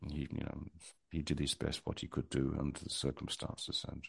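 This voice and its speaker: A man's voice: rumbling low, completely flat delivery, moderate pace, creaky, husky, dry recording. A man in his sixties, answering interview questions in a reflective, hesitant way with many ums and wry humor. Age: 60s. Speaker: guest.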